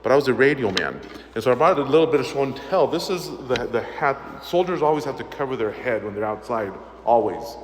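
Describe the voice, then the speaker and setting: A man's voice: mid-range voice, fairly quick. Man teaching children in an echoing church. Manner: animated, questions the children, stresses key phrases. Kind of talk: virtue talk to schoolchildren in church. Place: large church. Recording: long church reverb, faint background noise.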